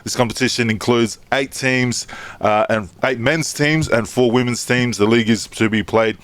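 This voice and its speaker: A man's voice: mid-range voice, normal speed, fairly bright tone, dry recording. A man hosting a casual rugby podcast, reading out facts with fillers and restarts. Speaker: podcast host. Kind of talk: casual sports chat.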